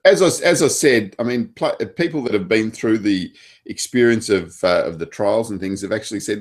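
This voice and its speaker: A man's voice: lowish voice, normal speed. An Australian man, a table tennis coach, chatting casually with many fillers and restarts. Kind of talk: casual chat.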